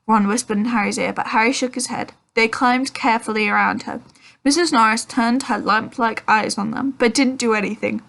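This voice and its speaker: A woman's voice: on the high side, steady tone, brisk, gravelly, a bit bright. Woman reading aloud with many ums. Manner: reads with frequent ums and self-corrections. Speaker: audiobook reader. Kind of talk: reading a children's novel aloud.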